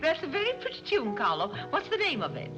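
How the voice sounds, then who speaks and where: An actress playing a scatterbrained wealthy society matron who chatters in a dithery, rambling way, in a 1930s film comedy. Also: female voice, high voice, huge pitch swings, quick pace. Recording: scratchy 1930s film soundtrack with music.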